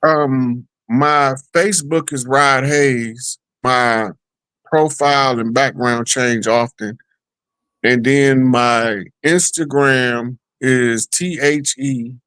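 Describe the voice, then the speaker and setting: A man's voice: mid-range voice, fairly even intonation, takes it slowly, a bit bright, smooth, dry recording, rough recording. A man appearing as a guest on a talk show, speaking in a loose, rambling, conversational way. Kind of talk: casual talk show chat.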